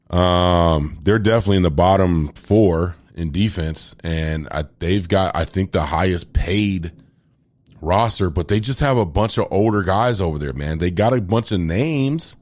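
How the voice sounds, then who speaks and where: A man's voice: sits low, darkish tone, no echo, clean studio sound. A man hosting a sports talk show, casually rambling through football analysis with slang and restarts. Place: home near an air base, planes heard.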